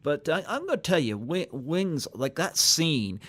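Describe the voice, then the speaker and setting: A man hosting a casual interview podcast, building his points haltingly with repeated words. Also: fairly high pitch, sing-song, a bit bright. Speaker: podcast host.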